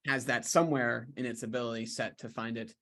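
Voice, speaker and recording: A man hosts a relaxed conversation with a guest. He is easygoing and affirming, and he thinks aloud with plenty of "um" and "like". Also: medium pitch, a little fast. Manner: easygoing, affirming, with frequent fillers. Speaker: host. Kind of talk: casual interview chat.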